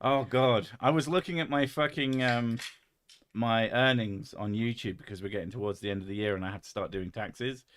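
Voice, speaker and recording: Sweary laughing Londoner chatting. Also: male voice, on the low side, steady tone, moderate pace, fairly bright tone, slight background noise. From England. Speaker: podcast host. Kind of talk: casual chat while drinking whisky.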